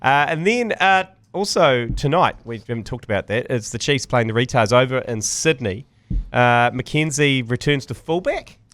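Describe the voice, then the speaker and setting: A man's voice: medium pitch, lively intonation, fairly bright tone, no room sound. A man co-hosting a sports podcast, playful and teasing in casual banter. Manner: playful, quick to laugh and tease. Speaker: podcast co-host.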